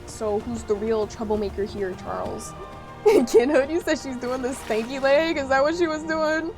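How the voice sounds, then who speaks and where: A woman's voice: sits high, measured pace, darkish tone. A woman livestreaming a game, chatting casually and teasing her viewers playfully. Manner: playful teasing, banter with chat. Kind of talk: casual livestream chat while gaming. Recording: game music under the voice. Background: game music.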